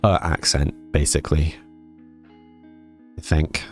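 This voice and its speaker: A man's voice: very deep voice, fairly even intonation, takes it slowly, faint music behind. A man from Scotland, streaming and casually chatting, reading viewer comments aloud and answering with frequent laughs. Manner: reads viewer comments aloud and chats back, laughing often. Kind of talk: casual chat.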